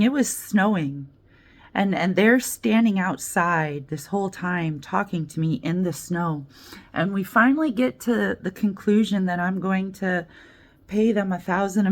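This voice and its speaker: An American woman talking casually in a diary vlog, telling an animated story and acting out the other people in it. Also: on the low side. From United States. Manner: animated storytelling, quoting voices, laughing, swearing. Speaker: vlogger.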